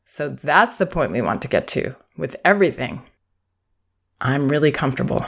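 A woman hosting a parenting podcast, giving calm advice and acting out quoted phrases to parents and children. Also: rumbling low, normal speed, breathy edge. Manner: warm, reassuring, acts out quoted phrases. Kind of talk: advice talk.

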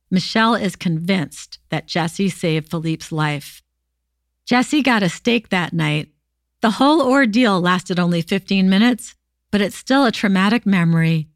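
A woman hosting a podcast, reading true stories aloud in a steady, expressive way. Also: on the low side, dry recording, clean studio sound. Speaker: podcast host.

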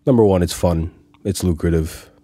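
A young man from Cyprus talks in an easy, chatty way and laughs readily. His voice sits low and mellow, recorded close and dry with no room sound. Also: normal speed, no room sound. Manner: chatty, laughs easily, slips into accent impressions. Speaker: voiceover artist and sound editor. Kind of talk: casual conversation.

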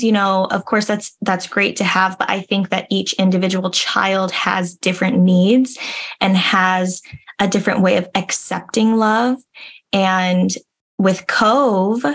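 A young adult woman speaking earnestly and reflectively as an interview guest, with frequent restarts. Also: medium pitch. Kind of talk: casual interview conversation.

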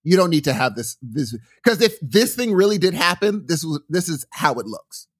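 Animated, rambling middle-aged man. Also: fairly high pitch, moderate pace, slightly rough. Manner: rambling, animated storytelling with restarts. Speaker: podcast co-host. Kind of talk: casual chat.

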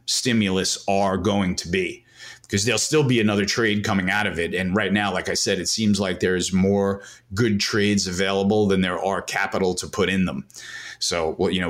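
A man, a market analyst guest on a podcast, talking in a loose, animated way with lots of fillers and restarts. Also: low-pitched. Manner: animated, rambling with many fillers. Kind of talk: casual podcast interview.

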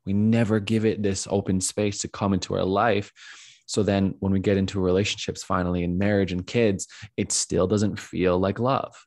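Deep, gravelly-voiced podcast host. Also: male voice, darkish tone, dry recording, clean studio sound. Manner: earnest and searching, with frequent fillers and restarts. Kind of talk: reflective podcast conversation.

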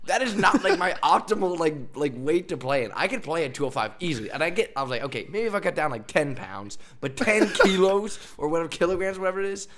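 A young man hosting a podcast, telling a story in a casual, animated way, with frequent laughs and fillers. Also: a little high, quick pace, hardly any pauses. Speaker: podcast host. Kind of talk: casual chat.

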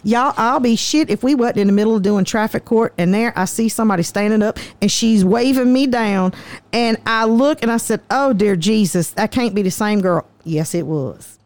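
A woman, telling stories in a lively, profane, folksy way as a guest. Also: medium pitch, normal speed, no echo. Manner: animated, profane, folksy storyteller. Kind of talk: casual storytelling.

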